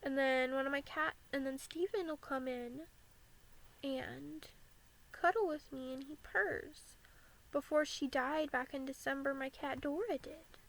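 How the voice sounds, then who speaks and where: A woman's voice: sits high, steady tone, a little slow, gravelly, low-quality recording. A young American woman vlogging candidly about living with anxiety, saying "like" often. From United States. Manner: candid and earnest, frequent "like" fillers.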